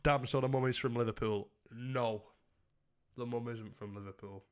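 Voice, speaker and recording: A man's voice: mid-range voice, steady tone, moderate pace, smooth. A man chatting casually and jokingly with his live-stream chat, swearing freely.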